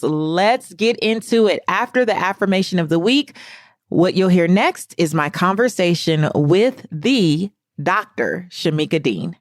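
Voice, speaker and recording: A woman hosts her podcast in a slightly low voice. She gushes with eager, rambling enthusiasm. The sound is close and dry. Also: animated, unhurried, dry recording. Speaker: podcast host. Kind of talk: podcast intro and interview chat.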